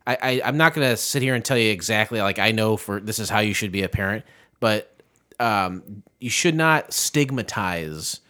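A man's voice: fairly low pitch, lively intonation, moderate pace, sharp tone. A man in his thirties talking earnestly about parenting, stammering and restarting often. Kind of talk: casual chat.

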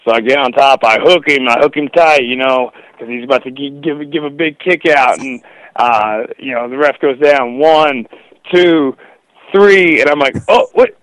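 Young guy rambling excitedly about his matches, lots of dude and you know, dry close sound. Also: mid-range voice, normal speed, no echo, rough recording. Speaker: wrestler guest. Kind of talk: casual interview storytelling.

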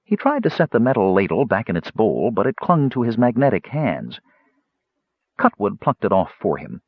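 A man narrating a fantasy audiobook in an expressive storytelling manner. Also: fairly low pitch, moderate pace, husky, no room sound, lo-fi sound. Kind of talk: scripted narration.

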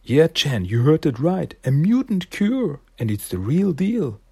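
High, husky-edged voice for a fast-talking male ferret hustler, as a man puts him on, wheedling and chummy, comic-recap style. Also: big pitch swings, mellow, heavily acted. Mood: pleading. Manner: wheedling, chummy street talk. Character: slick young male mutant ferret hustler.

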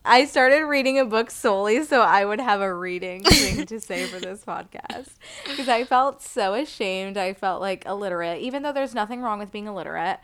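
A woman's voice: medium pitch, lively intonation, moderate pace, fairly bright tone, a little hiss or hum. A young woman in her twenties co-hosting a podcast, chatting casually and animatedly, laughing often and filling with "like". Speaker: podcast co-host. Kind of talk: casual chat.

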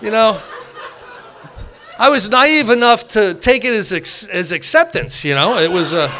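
A man telling his personal recovery story to a group, animated, acting out what people said and laughing often. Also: high voice, unhurried, some chatter behind. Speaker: speaker at a recovery meeting.

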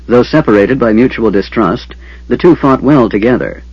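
A man narrating a fantasy audiobook in a steady, dramatic storytelling manner. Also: medium pitch, normal speed, husky, dry recording. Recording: dull lo-fi.

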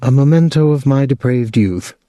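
A man reading an audiobook, voicing a poised young actress with a calm, lightly ironic manner. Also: medium pitch, normal speed, dry recording, pitched above the performer's own voice, lightly acted. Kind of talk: audiobook character voice.

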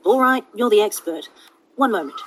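A woman's voice: medium pitch, animated, moderate pace, fairly bright tone, a little hiss or hum, lightly acted. A woman voicing a friendly male wizard in a light, conversational tone, close to her own voice.

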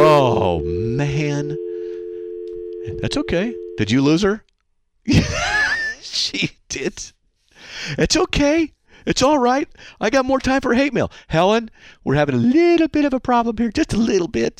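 Animated man hosting a radio call-in show. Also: fairly high pitch, no echo, studio quality. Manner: animated and mocking, with frequent laughs. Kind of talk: call-in radio talk, reading listener mail. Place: radio studio. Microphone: studio mic.

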